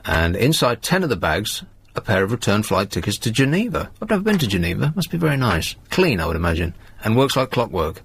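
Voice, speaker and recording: A man's voice: on the low side, very animated, brisk, gravelly, slight background noise. A man hosting a radio talk show, with a dry, sardonic way of reading out tabloid stories. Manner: dry, sardonic, reads tabloid quotes aloud. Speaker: radio host. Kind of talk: late-night radio talk with callers. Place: radio studio.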